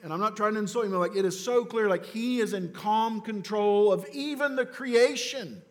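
A man preaching a sermon, who swings between loud, urgent declarations and low, slow, quiet emphasis, and drops casual asides into his scripture teaching. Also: long reverb tail. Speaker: pastor.

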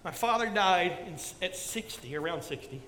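Man, about 60, pastor preaching; high-set voice, repetitive, earnest; reverberant sanctuary sound. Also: expressive, normal speed, a little hiss or hum. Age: around 60. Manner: earnest, repetitive exhortation, drops soft for stories. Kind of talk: sermon.

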